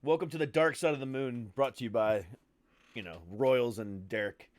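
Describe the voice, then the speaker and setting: A man's voice: medium pitch, moderate pace, no room sound. A man hosting a podcast interview, joking and laughing in casual banter with a habit of swearing. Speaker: podcast host.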